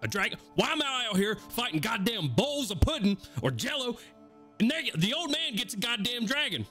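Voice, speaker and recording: A man voicing a hot-tempered man who yells and curses into a phone. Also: very high voice, big pitch swings, normal speed, soft background music, pitched above the performer's own voice, heavily acted. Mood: furious. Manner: shouting, cursing, boastful rivalry.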